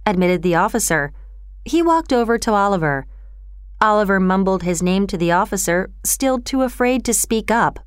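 A woman narrating a storybook in a measured, expressive storytelling manner. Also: medium pitch, clean tone, no echo, studio quality.

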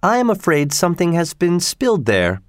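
Storybook mother, shrill and fussy, high exclaiming lines, played by a man. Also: wildly swooping pitch, normal speed, no room sound, clean studio sound. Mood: alarmed.

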